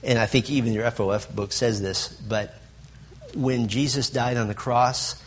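A man's voice: mid-range voice, fairly even intonation, normal speed, husky. A man teaching a Bible lesson to a group, stressing lists and asking the room questions. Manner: asks the audience questions, emphatic lists.

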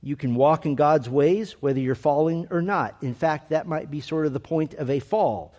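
A man preaching a sermon to his congregation, earnest and emphatic, slowing down to stress key phrases. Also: on the high side, a little mellow. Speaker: pastor.

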